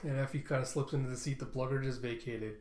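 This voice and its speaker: A man's voice: mid-range voice, steady tone, fast, a little mellow, reverberant. A man casually reading a comic aloud, narrating who speaks, with chatty asides. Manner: chatty, self-correcting asides. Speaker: comic reader and reviewer.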